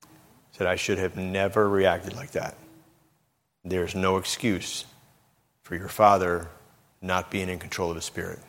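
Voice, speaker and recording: Preaching in an easygoing, conversational style, this middle-aged man repeats words often and voices the characters in his stories. His very deep voice moves at a measured pace with frequent pauses, and a large hall gives it a long, ringing reverb.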